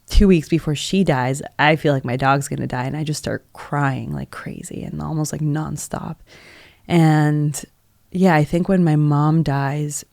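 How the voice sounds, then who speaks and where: A woman sits as a guest on a podcast and retells a personal experience in a casual, heartfelt way. Her voice carries a noticeably gravelly texture, and she scatters "like" through nearly every sentence. The sound is close-miked and completely dry. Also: deep voice, darkish tone, dry recording. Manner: heavy use of "like" as filler; earnest, emotional retelling. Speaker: podcast guest, energy healer.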